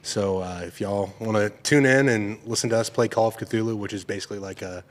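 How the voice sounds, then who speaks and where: A man's voice: on the low side, a little fast. A man guesting on a podcast, talking easygoing and rambling, with some self-deprecating humor. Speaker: guest, former college football player. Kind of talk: casual podcast conversation. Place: podcast studio, seated at a table.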